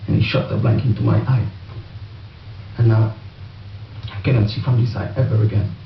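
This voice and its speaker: An actor playing a wounded robber, complaining and indignant. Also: male voice, fairly low pitch, steady tone, moderate pace, creaky, a little hiss or hum. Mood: aggrieved. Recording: distant roomy lo-fi film audio.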